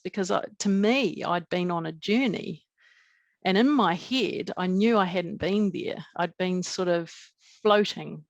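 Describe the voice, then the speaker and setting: Creaky low-pitched New Zealand woman. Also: dry recording. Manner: earnest, halting storytelling with many fillers and restarts. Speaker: podcast guest. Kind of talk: recounting a personal experience in an interview.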